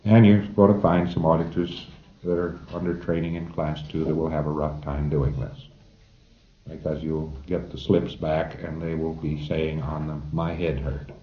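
A man's voice: rumbling low, level tone, moderate pace, echoey room, muffled recording. A man giving an informal lecture to a class of trainees, emphatic and wry, chuckling at his own jokes.

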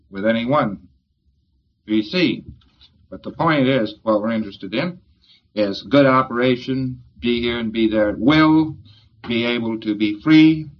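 A man's voice: on the low side, breathy edge. A man giving an informal lecture in a folksy, joking, rambling way, on a dull old tape recording.

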